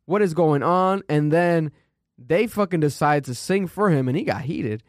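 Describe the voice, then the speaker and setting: A man co-hosting a casual show, swearing freely and mocking performances in animated commentary. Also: a little high, normal speed, slight background noise. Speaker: co-host.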